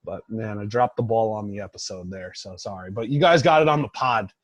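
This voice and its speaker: A man's voice: fairly low pitch, fairly quick, no echo. A young man co-hosting a podcast in casual chat, rambling with lots of fillers and "like"s. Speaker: podcast co-host.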